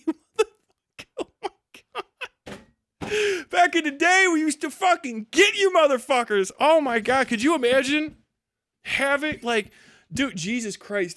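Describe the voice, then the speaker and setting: A young man with a high, bright voice rattles off excitable, profanity-laced stream commentary, breaking into laughter often. The sound is close and dry. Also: dry recording. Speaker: live streamer.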